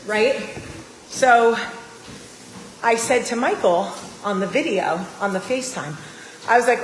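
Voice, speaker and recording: With a slightly high, a bit bright voice at a measured pace, a forties-aged New Jersey vlogger confides a personal story to camera with emphasis. A little hiss or hum and a roomy, long-reverb echo color the audio.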